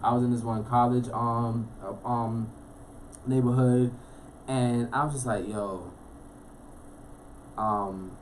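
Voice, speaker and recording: A young man from Florida, a guest telling his life story in a casual, animated way, full of street slang. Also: medium pitch, slight background noise. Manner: fast, animated, streetwise slang, frequent "you know what I'm saying". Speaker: interview guest.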